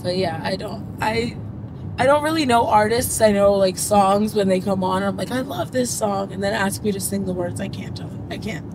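Young woman, casual talker, lots of "like", mid-pitched, car noise behind. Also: moderate pace. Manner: casual, uses "like" a lot, laughs easily. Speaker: passenger and guest. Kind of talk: casual chat. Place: inside a car. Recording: noisy car interior.

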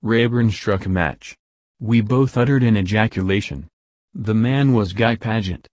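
This is scripted audiobook narration by a man whose pitch is fairly low; he tells the story steadily and with measured control, captured in a dry recording.

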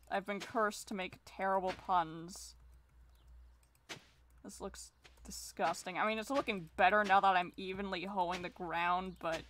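A woman's voice: lowish voice, fairly bright tone, a little hiss or hum. A woman streaming a farming game, rambling in casual commentary, mocking herself and swearing freely.

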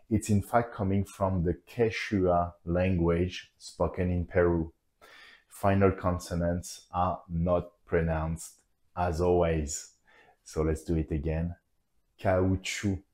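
A man leads a pronunciation lesson. He speaks slowly in a mellow tone and says each word twice for learners to copy. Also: deep voice. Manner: slow, careful modelling of each word twice. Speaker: French teacher.

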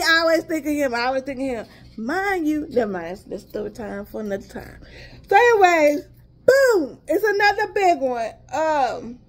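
A woman from Texas with a Southern accent, chatting casually to her viewers, addressing them as y'all and drifting into asides. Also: high voice. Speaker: haul vlogger.

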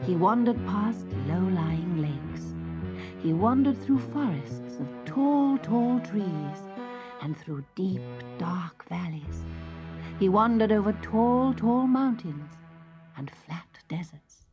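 A woman narrating a children's fairy tale in a slow, expressive sing-song, dropping at times to soft whispers, on a lo-fi tape. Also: medium pitch. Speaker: storyteller. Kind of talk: scripted children's story narration. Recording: lo-fi tape with faint music.

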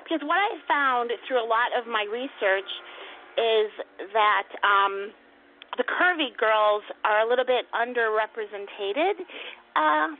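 A woman's voice: fairly high pitch, lively intonation, measured pace, slight background noise. A middle-aged woman chatting as a guest in an interview, bubbly and laughing often. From United States. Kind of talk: casual interview chat. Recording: tinny phone line.

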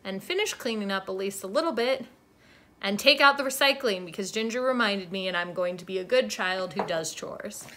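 A woman's voice: medium pitch, fairly quick, bright, forceful tone, slight background noise. A young woman chatting casually in a vlog at a friend's home, wry and self-deprecating, filming on a handheld phone. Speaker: vlogger. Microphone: handheld phone camera.

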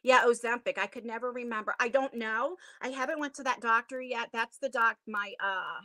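A woman's voice: a little high, normal speed, sharp tone, no echo, studio quality. A middle-aged woman chatting casually with viewers on a home livestream from her attic, rambling with lots of fillers. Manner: chatty and rambling, many fillers, self-conscious laughs. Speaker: channel host. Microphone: tablet device.

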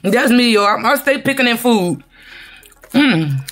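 A woman's voice: fairly high pitch, expressive, slow pace, a bit bright, faint music behind. A woman, chatting casually to her viewers while vlogging at home, calling them y'all. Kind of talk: casual chat to camera.

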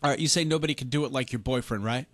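A man hosting a late-night radio dedication show from the studio, with smooth, steady on-air patter. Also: mid-range voice, very fast, no room sound.

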